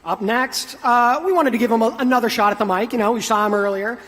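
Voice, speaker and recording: A man's voice: very high voice, fast talker, fairly bright tone, a little hiss or hum. A man hosting a live convention event, introducing contestants in an upbeat, loose manner. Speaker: event host. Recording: hall reverb with crowd and music.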